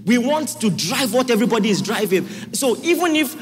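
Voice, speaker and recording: Male pastor, high voice, forceful repetitive preaching, church hall reverb with soft music. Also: lively intonation, fairly quick, slightly rough. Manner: forceful preaching, repeats lines, asks audience if listening. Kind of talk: sermon.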